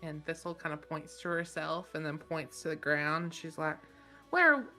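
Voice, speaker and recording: A woman's voice: low voice, flat delivery, normal speed, sharp tone, soft background music. A woman playing a tabletop game, loosely describing her character's actions. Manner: loose, rambling narration. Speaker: player.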